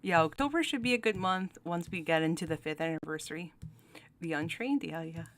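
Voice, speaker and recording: A woman's voice: fairly low pitch, expressive, fairly quick. A young woman hosting her channel, chatting casually while ranking game cards, giggling often and talking with many fillers and restarts. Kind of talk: casual commentary.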